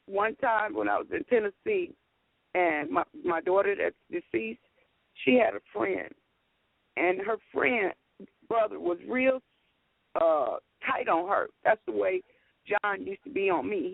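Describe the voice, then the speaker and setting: A woman caller with a deeply gravelly, high voice comes through a thin phone line. She tells her story haltingly, circling back and repeating herself. The sound is dry and close. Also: no room sound. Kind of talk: emotional call-in testimony.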